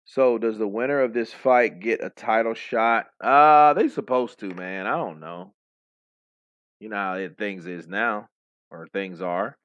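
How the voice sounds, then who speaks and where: A man hosting a live boxing commentary stream, joking, cursing and getting excited, on a dull, dry recording. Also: fairly low pitch, a little slow, dry recording. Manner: excitable, profane, joking banter.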